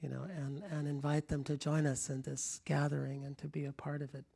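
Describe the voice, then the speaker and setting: Mellow-voiced middle-aged man telling stories. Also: fairly high pitch, flat delivery, fairly quick, vocal fry, husky. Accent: General American, Kentucky accent trained out. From rural Kentucky. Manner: rambling, restarts often, chuckles, moves around. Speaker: public speaker. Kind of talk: storytelling talk to an audience. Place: lecture room before a live audience.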